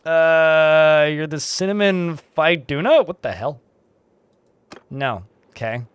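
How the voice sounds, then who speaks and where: A young man giving casual gameplay commentary, joking and rambling, thinking out loud and swearing freely. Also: fairly high pitch, expressive, slow pace, clear, resonant tone, no echo. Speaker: streamer playing a game.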